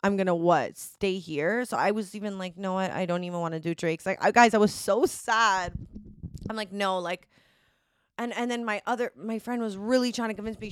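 A woman's voice: medium pitch, moderate pace, clear, resonant tone, no room sound, clean studio sound. A young woman hosting a solo podcast, telling a dramatic story in a chatty, casual way, swearing freely and laughing often. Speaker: podcast host.

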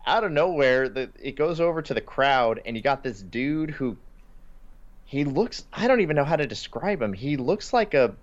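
A man's voice: medium pitch, lively intonation, normal speed. A man co-hosting a casual podcast, retelling cartoon scenes and quoting lines with little laughs. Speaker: podcast co-host. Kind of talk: casual chat. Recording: slightly dull lo-fi podcast audio.

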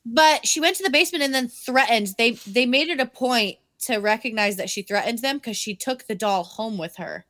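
A woman's voice: on the high side, moderate pace, few pauses. A woman co-hosting a podcast, chatting casually and retelling scenes with lots of swearing. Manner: animated storytelling, swears freely, acts out quotes. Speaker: podcast co-host. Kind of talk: casual chat recapping an anime.

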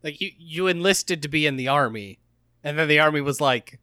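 A man co-hosting a casual gaming podcast, talking in an animated, jokey, mocking way. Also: fairly high pitch, brisk, smooth, dry recording, clean studio sound. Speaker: podcast co-host.

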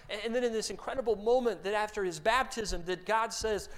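A man delivers a sermon in a relaxed, conversational way, with a voice that sits a little high for a man. He often restarts his sentences by repeating a word and shifts into acted voices for the lines he quotes. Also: fairly quick, hardly any pauses. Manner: conversational, repeats words when starting sentences; acts out quoted voices for emphasis. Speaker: pastor.

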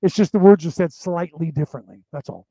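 The audio is low quality and dry, carrying a man's slightly high, mellow voice at a fast clip. He's an Irish spiritual teacher with an American English accent, casually lecturing a class in a rambling way, restarting and repeating as he goes step by step.

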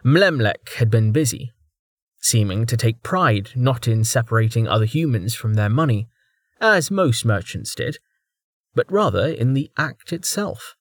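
Measured male audiobook narrator, dry sound. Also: medium pitch, no room sound.

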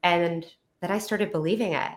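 A woman hosting a podcast interview, sharing personal affirmations in a warm, emotional, affirming way. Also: mid-range voice, lively intonation, moderate pace. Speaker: podcast host.

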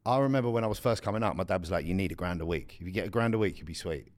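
A young man with a very deep voice co-hosts a casual podcast chat. He talks bluntly in slang and likes to explain things at length. The recording is dry, with no room sound at all. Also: racing, no echo. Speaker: podcast co-host.

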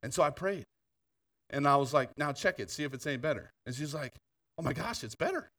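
A man preaching in a church, telling stories with laughs and asides, then turning quieter to lead an altar call. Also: on the high side, brisk, recorded from a distance. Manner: animated storytelling with laughter and asides. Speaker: pastor. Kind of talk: sermon. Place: church sanctuary.

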